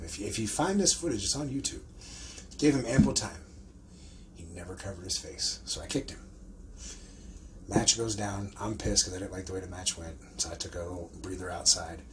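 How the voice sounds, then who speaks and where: A man hosting a podcast, swapping wrestling stories in a casual, profane, animated way and acting out what people said. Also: deep voice, fairly quick, background noise. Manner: profane, animated storyteller who acts out quotes. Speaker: podcast host and pro wrestler. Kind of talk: casual storytelling chat.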